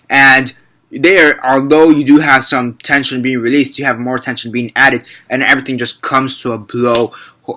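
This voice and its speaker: A man's voice: medium pitch, pushed and bright. A young man giving a casual, rambling movie review, repeating and correcting himself and swearing freely.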